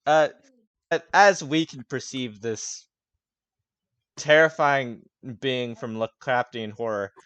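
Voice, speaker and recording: A man's voice: medium pitch, slow pace, a bit bright, smooth, no echo. A man narrating a tabletop game as its game master, casual and hesitant, swearing often and breaking into laughs.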